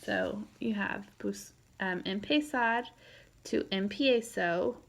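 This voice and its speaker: Slow, methodical woman teaching Spanish. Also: mid-range voice, gravelly. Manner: slow and methodical, with frequent ums and uhs. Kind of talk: recorded lecture.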